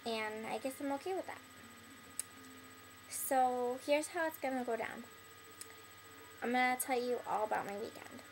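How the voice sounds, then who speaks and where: Young woman, slightly high voice, rambling vlog monologue, blunt, faint hiss. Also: moderate pace, long pauses, low-quality recording. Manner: rambling, filler-heavy, "like" in nearly every phrase; blunt and bitter toward the listener. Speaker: vlogger addressing an ex-friend. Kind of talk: casual rambling monologue to camera.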